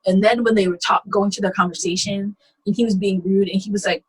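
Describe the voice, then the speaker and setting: A woman's voice: mid-range voice, fairly even intonation, quick pace, husky, rough recording. A young woman co-hosting a casual reality-TV recap chat, blunt and opinionated, acting out what others said. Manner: blunt, opinionated, acts out other people's lines. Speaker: podcast co-host.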